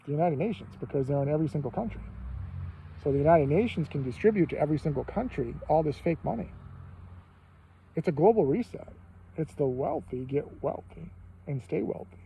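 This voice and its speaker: A man's voice: on the high side, lively intonation, a little fast, gravelly, warm tone, slight background noise. A man in his fifties giving a profane, rambling monologue full of rhetorical questions. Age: 50s. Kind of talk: casual ranting monologue. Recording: dull lo-fi sound.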